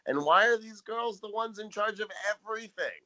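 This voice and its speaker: A man's voice: sits high, normal speed, bright, forceful tone, no room sound, poor audio. A man co-hosting a casual TV recap podcast, summarizing plot with dry, sarcastic asides. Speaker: podcast co-host.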